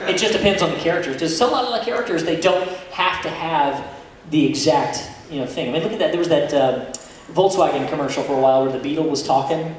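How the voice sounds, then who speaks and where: A man's voice: on the high side, lively intonation, quick pace. A man speaking as a guest voice actor at a convention panel, chatty and laughing often. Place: convention hall. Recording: echoey hall from far off, crowd ambience.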